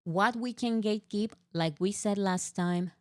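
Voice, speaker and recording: A woman co-hosting a casual fan chat, talking in an animated, exasperated way with lots of fillers. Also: mid-range voice, a little slow, no room sound, clean studio sound. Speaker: co-host.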